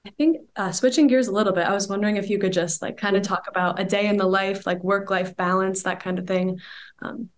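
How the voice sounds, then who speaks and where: A woman's voice: mid-range voice, fairly even intonation, quick pace. A woman hosting a casual interview, encouraging and affirming, using many fillers. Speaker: podcast host.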